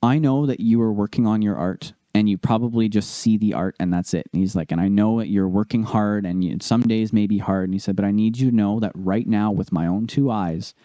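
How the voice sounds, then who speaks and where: A young man co-hosts a casual podcast and tells a personal story in an animated way, acting out each person he quotes. His voice is low-pitched and mellow, recorded dry and close to the mic. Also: brisk, hardly any pauses, no room sound. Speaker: podcast co-host.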